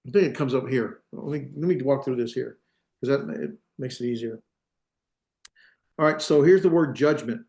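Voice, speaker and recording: A man's voice: mid-range voice, moderate pace, gravelly, long pauses, darkish tone. A male teacher giving a classroom lecture on grammar, thinking aloud, hesitating and correcting himself as he goes. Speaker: Hebrew teacher.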